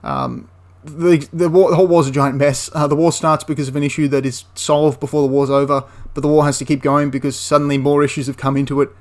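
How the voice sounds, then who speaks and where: A man's voice: a little high, quick pace, hardly any pauses. A man giving a casual, enthusiastic spoken review of a tabletop wargame, rambling into asides and restarting his sentences.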